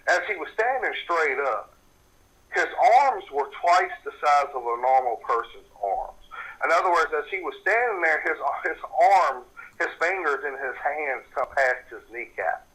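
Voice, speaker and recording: A middle-aged man, a paranormal investigator recounting a personal story in an interview, animated and repeating words when worked up. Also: on the high side, unhurried, rough recording.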